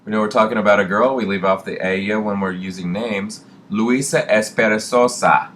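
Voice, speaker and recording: Man, Spanish teacher, lowish voice, slow careful repeats, faint hiss. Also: little pitch movement, a bit bright. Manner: slow, deliberate repetition of example words. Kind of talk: recorded classroom lesson.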